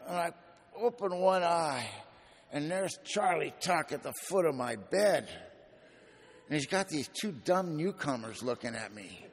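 A man's voice: a little high, expressive, unhurried, a little hiss or hum. A man giving an emphatic, wry personal testimony to an audience, telling his own story. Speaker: speaker sharing his recovery story. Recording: long echoing hall reverb.

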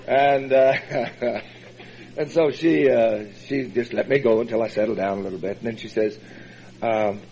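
A man telling his personal recovery story as a meeting speaker, in a folksy, halting way with many fillers and chuckles. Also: mid-range voice, fairly even intonation, darkish tone. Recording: dull lo-fi recording.

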